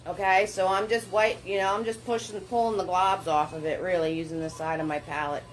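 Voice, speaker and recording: Teaching a live paint-along class, a painting instructor chats and encourages in a slow, unhurried way, talking through each brushstroke with small laughs. Her voice sits on the low side with a level tone. The recording is low quality.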